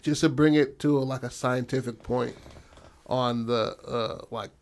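A young man with a mid-range voice pitches plot ideas in a loose, crude, animated way. He often breaks off to ask his partner whether the idea works. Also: a little slow. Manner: animated, crude, keeps asking for agreement. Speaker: co-host brainstorming a story. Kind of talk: casual chat.

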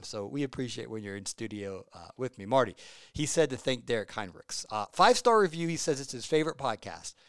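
A man's voice: medium pitch, clean tone, dry recording. A man hosting a podcast in a studio, talking casually and enthusiastically, rambling off on tangents between reading listener reviews and sponsor spots. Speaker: podcast host. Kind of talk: casual podcast talk with ad reads.

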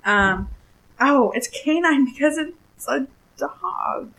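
Giggly woman with a high voice. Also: animated, slow, vocal fry, a bit bright, rough recording. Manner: giggly, playful, hams up a mock French accent. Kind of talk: casual chat, beer tasting.

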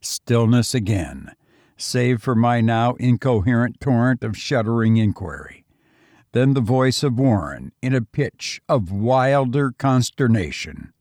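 Slow, grave male horror narrator. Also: mid-range voice, lively intonation, a little mellow, dry recording, studio quality. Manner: slow, grave, measured reading. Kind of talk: scripted narration of a gothic horror tale.

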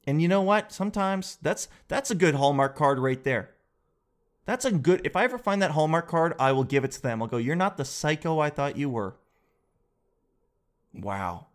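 A man in his thirties hosting a podcast, telling a comic story in a loose, animated way and calling his listeners dude and guys. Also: a little high, a little fast. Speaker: podcast host. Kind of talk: casual comedic monologue.

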